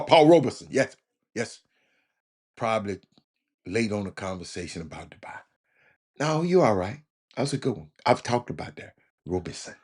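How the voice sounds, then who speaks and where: A man hosting a casual talk show, rambling and stammering through comments with loud exclamations. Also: on the low side, breathy edge.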